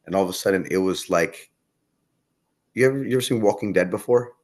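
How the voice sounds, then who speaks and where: A man's voice: sits low, brisk, a little mellow. A man chatting casually as a podcast guest, telling a rambling story and swearing often. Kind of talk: casual chat.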